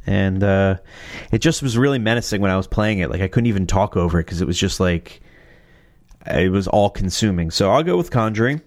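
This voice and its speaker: A man talks in a loose, rambling way, often correcting himself and dropping casual swears. His voice sits low. Soft music plays faintly underneath. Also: normal speed. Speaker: host. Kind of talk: casual chat reacting to movie themes. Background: faint music playing.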